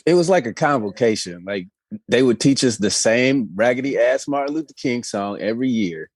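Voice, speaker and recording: A man's voice: medium pitch, lively intonation, normal speed, dry recording. A man from Indiana co-hosting a podcast, chatting casually with wry, profane griping. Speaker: podcast co-host. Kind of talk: casual comedic chat.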